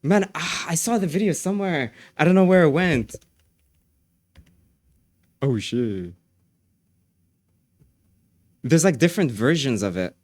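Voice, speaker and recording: Excitable male streamer, dry close sound. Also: on the high side, moderate pace, long pauses, no echo. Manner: excitable, repeats phrases, laughs often. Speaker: livestreamer. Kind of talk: casual chat with viewers.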